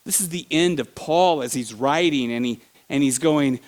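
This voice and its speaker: Animated man preaching a sermon. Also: a little high, normal speed. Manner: animated storytelling, sudden shouts and laughs. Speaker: pastor. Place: church.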